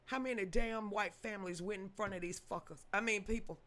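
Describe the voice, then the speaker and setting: A woman hosts a live news commentary stream at a fairly quick clip, her medium-pitched voice a bit bright with fairly even intonation. She gets emotional and swears, stammers as she repeats herself, and names viewers in the chat as she greets them.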